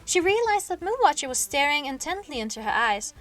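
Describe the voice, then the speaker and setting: Woman reading a book aloud on stream, high voice, sleepy and yawning, stumbles and self-corrects, faint music behind. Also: fairly quick. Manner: expressive reading with small slips and self-corrections.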